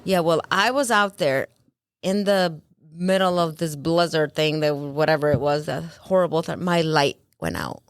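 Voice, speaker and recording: Animated woman telling a story. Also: sits low, normal speed, smooth, no echo, studio quality. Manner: animated, acts out quotes, lots of "like". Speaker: podcast guest, ultrarunner. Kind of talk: casual storytelling chat.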